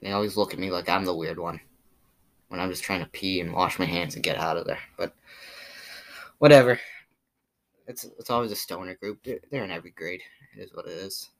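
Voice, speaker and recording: Deep-voiced teen guy ranting casually. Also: a little fast, long pauses. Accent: Boston. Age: teens. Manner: rambling, filler-heavy, mildly exasperated. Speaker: vlogger. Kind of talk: casual monologue ranting about pet peeves.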